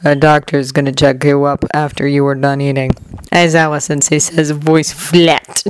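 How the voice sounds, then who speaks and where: Woman doing a weary flat-voiced male teacher. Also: low voice, normal speed, slight background noise, pitched below the performer's own voice. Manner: flat, tired, muttering.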